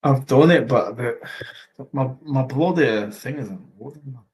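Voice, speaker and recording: A man's voice: mid-range voice, measured pace, a little mellow. A man co-hosting a podcast, talking loosely with swearing and laughing asides. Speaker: podcast co-host. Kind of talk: casual chat.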